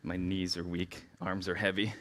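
A man's voice: deep voice, little pitch movement, normal speed, fairly bright tone. A man in his thirties, nervous and rambling, opening a sermon in a casual, self-deprecating way with lots of filler words. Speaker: church speaker. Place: church sanctuary.

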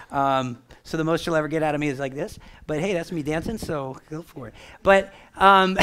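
A man preaching a sermon in a relaxed, conversational way, often checking in with the congregation. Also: fairly high pitch. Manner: animated, conversational, asks the crowd for response. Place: church.

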